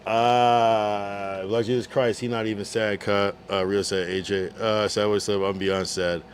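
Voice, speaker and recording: A man's voice: fairly low pitch, little pitch movement, normal speed, slight background noise. A man streaming live, reading chat messages aloud in a laid-back, slangy way. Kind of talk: casual livestream chat.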